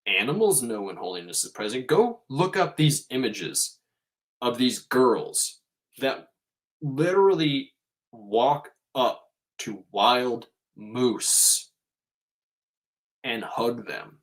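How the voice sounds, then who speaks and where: A man's voice: mid-range voice, expressive, slow pace, long pauses. A man hosting a podcast, giving a casual spiritual monologue in an emphatic way and swearing freely.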